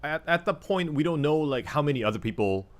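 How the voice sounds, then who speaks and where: A man co-hosting a casual review chat, low-key and dry with an ironic streak. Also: lively intonation, fairly quick. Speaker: podcast co-host and film reviewer.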